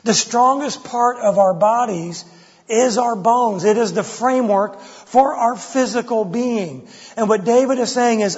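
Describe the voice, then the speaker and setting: A man with a very high-pitched, husky voice preaches an expository sermon at an unhurried pace. His delivery is impassioned, voicing the psalmist's pleas with rising intensity. The lo-fi recording carries a long hall reverb.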